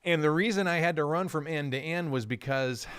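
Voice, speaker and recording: A man's voice: on the high side, a little fast, clean tone. A man hosting a live local morning radio show from the studio, chatty and jokey, a little out of breath. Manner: chatty and lively, jokey asides. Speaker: radio host. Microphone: studio microphone with headphones.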